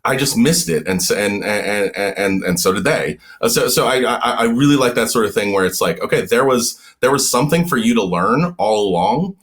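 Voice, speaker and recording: Stammering, animated male novelist. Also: normal speed, hardly any pauses. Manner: stammers, repeating words in bursts; animated, swinging pitch up and down. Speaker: novelist guest. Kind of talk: casual podcast conversation.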